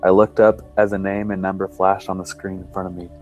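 A low-voiced man narrates a creepy first-person tale at a measured, suspense-building pace. Quiet music runs faintly beneath his voice. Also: level tone, dull audio. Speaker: podcast storyteller. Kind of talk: reading a first-person horror story.

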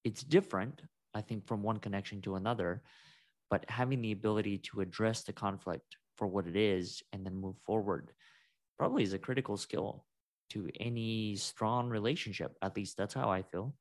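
A man's voice: lowish voice, fairly even intonation, normal speed, dry recording. A man co-hosting a podcast, talking through his experience in a reflective, thinking-aloud way with frequent restarts. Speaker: podcast co-host. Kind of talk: conversational podcast chat.

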